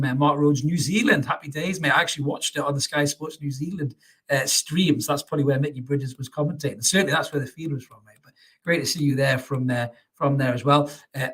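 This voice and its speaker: A husky-voiced man runs a live fan stream, talking quickly through viewer comments. He chats casually, calls everyone mate and often restarts his sentences. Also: medium pitch, a bit bright. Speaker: fan channel host.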